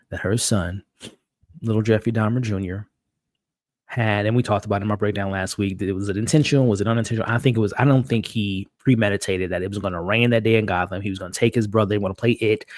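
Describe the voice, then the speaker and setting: A man hosting a live-stream recap of a TV episode, talking excitably and stumbling over repeated words as he restarts his sentences. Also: on the low side, dry recording. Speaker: show host. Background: dog.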